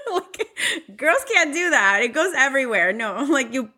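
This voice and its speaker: A woman's voice: high-pitched, sing-song, measured pace, sharp tone. A woman co-hosting a podcast, chiming in with jokes and playful asides. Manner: joking, laughing, playful asides. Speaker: podcast co-host. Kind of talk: casual chat.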